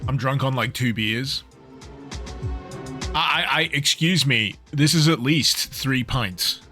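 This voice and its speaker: A gaming streamer with a medium-pitched voice speaks slowly, his tone bright and forceful over soft background music. He's a little tipsy from a few beers, joking with his chat, laughing often and talking to viewers in casual livestream commentary.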